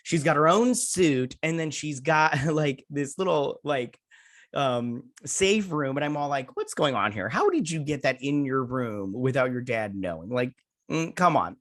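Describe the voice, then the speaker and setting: A man's voice: medium pitch, sing-song, a little slow, fairly bright tone. Rambling man recapping a TV episode. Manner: rambling, retells scenes with "he's like" quotes; self-mocking jokey asides. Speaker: host. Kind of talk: casual episode recap and review.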